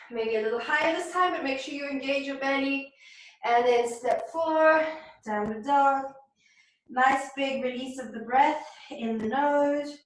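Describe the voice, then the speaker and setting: A woman teaching a beginners yoga class, calmly cueing poses and breathing, somewhat out of breath. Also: sits high. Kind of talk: guided yoga class instruction. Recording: very echoey room, voice from far off.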